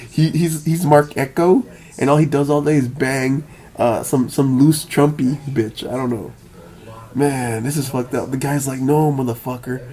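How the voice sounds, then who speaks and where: A man's voice: mid-range voice, fairly even intonation, a little slow, mellow. A man telling a rambling, profane story, stammering and repeating words as he goes and often laughing. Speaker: vlogger. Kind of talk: rambling monologue.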